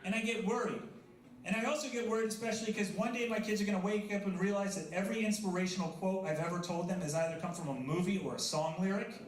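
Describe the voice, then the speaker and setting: A man in his thirties does a stand-up set on a coffee house stage before a live audience, his voice sitting high at a quick pace. He's self-deprecating and chats with the crowd, and the recording has a roomy live-venue sound.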